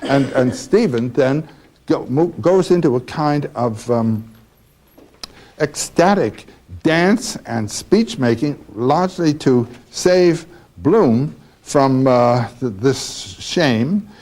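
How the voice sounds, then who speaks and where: A man lecturing on a novel, talking slowly and haltingly with many fillers. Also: medium pitch, lively intonation, darkish tone. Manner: slow and halting with frequent fillers. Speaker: literature lecturer.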